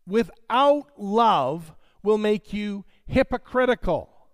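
A man's voice: sits high, lively intonation, a little slow, no room sound. A man preaching a sermon, reading scripture dramatically and addressing his congregation directly.

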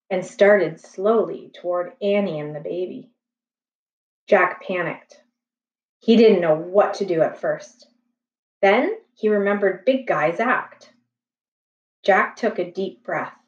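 Woman reading a kids book real slow, echoey room, mic kinda far. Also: lowish voice. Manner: slow, gentle, expressive reading. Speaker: storybook reader. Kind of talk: reading a children's chapter book aloud. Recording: echoey room, distant, slightly dull.

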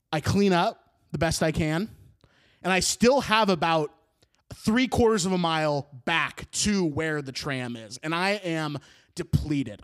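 A man in his twenties casually telling a funny personal story on a podcast, animated, laughing through his words and swearing freely. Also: on the high side. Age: 20s.

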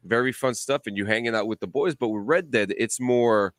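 A man in casual chat, telling a lively story full of swearing and acted-out voices. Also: mid-range voice, fairly quick, no echo. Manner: animated storyteller, swears a lot, acts out voices.

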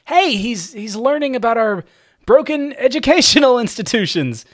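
A man's voice: very high-pitched, big pitch swings, normal speed, no room sound, studio quality, pitched above the performer's own voice, exaggerated voice. A man voicing a flustered young man who stammers and panics when cornered in a story. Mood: panicky.

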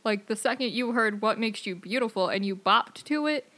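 A woman's voice: on the high side, moderate pace, bright, forceful tone. A young woman chatting casually as co-host, exasperated and swearing often. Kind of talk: casual chat.

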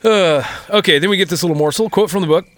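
A man co-hosting a casual podcast, recapping a novel and reading quotes aloud, crude and quick to laugh. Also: sits high, a bit bright. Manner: reads book quotes aloud, profane, laughs often. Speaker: podcast co-host summarizing a book.

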